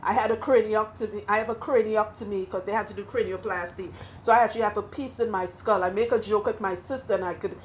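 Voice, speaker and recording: A woman's voice: mid-range voice, slight background noise. A woman with a Trinidadian accent telling an emotional personal testimony, candid and rambling, often restarting her sentences. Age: 20s at surgery, now older. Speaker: hairstylist and vlogger.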